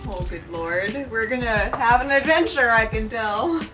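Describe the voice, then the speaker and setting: A woman's voice: fairly high pitch, measured pace. A playful, teasing young woman co-hosting a casual sneaker unboxing. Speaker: co-host. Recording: voice a bit far from the mic, music playing.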